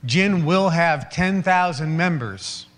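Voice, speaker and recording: A man's voice: on the high side, takes it slowly, a bit bright, in a large hall. A man giving a motivational seminar talk, acting out little scenes in quoted voices and laughing along with them. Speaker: motivational speaker.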